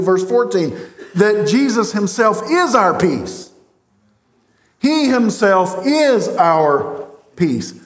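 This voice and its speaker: A man's voice: high-pitched, fairly bright tone. A man preaching a sermon as pastor, speaking earnestly and directly to his congregation in a church sanctuary.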